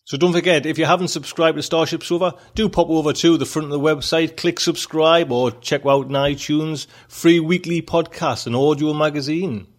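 A man's voice: on the high side, steady tone, normal speed, hardly any pauses. A man, hosting a podcast and signing off in a chatty way. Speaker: podcast host. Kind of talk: casual sign-off.

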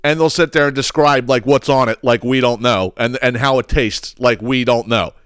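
A man's voice: medium pitch, moderate pace, a bit bright, clear, resonant tone, no echo, clean studio sound. A man hosting a podcast, ranting with heavy profanity and sarcastic mocking impressions. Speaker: podcast host. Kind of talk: ranting solo podcast monologue.

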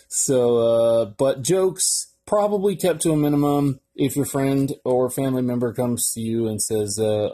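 A male podcast host talks through an article in a loose, rambling manner, full of fillers and the odd curse word. His voice sits at a middling pitch and sounds mellow and soft-edged. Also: a little slow. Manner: rambling and offhand, with frequent fillers and cursing. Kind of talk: casual solo podcast, reading an article aloud.

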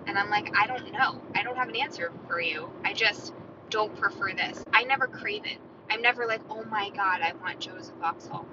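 Woman rambling solo on her podcast, recorded in the car, muffled with loud road noise. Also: medium pitch, moderate pace. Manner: rambling, chatty, talks to herself. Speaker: podcast host. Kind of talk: solo casual chat. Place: inside a moving car.

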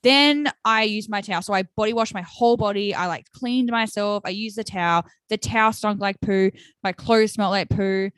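A young woman tells a story on her podcast in loose, animated chat. She swears freely and keeps dropping "like" and "right?" as she goes. Her voice sits at a middle pitch and sounds dry and close, with no room sound. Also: normal speed, few pauses, no echo. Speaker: podcast co-host.

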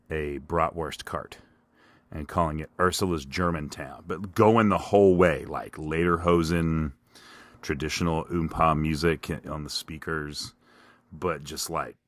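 Deep-voiced guy rambling on his own podcast, dry close mic, jokey and self-deprecating. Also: a bit bright, no room sound. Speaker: podcast host. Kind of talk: solo casual monologue.

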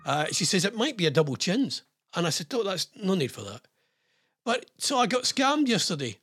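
A man's voice: high-pitched, very animated, fairly quick, a bit bright, slightly rough, faint music behind. An older man hosting a radio show, telling a rambling, self-mocking story in casual chat.

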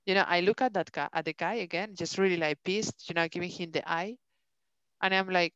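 A woman co-hosting a podcast, telling a story in a casual, animated way, swearing and acting out what people said. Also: on the low side, fairly quick, no room sound. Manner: animated, swears a lot, acts out dialogue. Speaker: podcast co-host. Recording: dull lo-fi dry sound.

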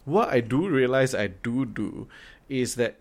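A man's voice: medium pitch, animated, unhurried. A man co-hosting a podcast in casual chat, talking loosely with lots of fillers and restarts and the odd swear. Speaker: podcast co-host.

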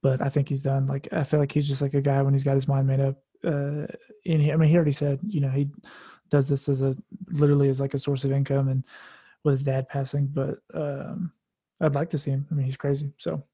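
A man's voice: mid-range voice, level tone, brisk, mellow, breathy edge. A man co-hosting a casual podcast chat, offhand and hesitant, with many fillers. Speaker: co-host.

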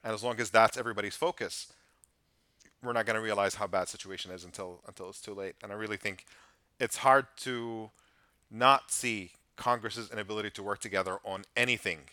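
A man's voice: fairly low pitch, steady tone, pushed and bright, no room sound. A man as a podcast guest, talking earnestly and at length in a casual conversation. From United States. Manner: earnest, measured, speaks in long reflective stretches.

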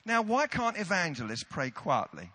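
Bright, lively British preacher. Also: male voice, high-pitched, normal speed, breathy edge. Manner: self-deprecating, comic timing. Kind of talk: humorous sermon storytelling.

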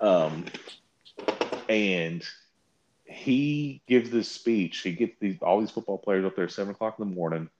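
A man with a very deep voice tells a story in casual chat, jumping up sharply in pitch when he mocks what others said. The audio is a little muffled and lo-fi, and he swears freely as he rants. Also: unhurried, pauses often. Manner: animated storytelling, mocking quotes with big pitch jumps.

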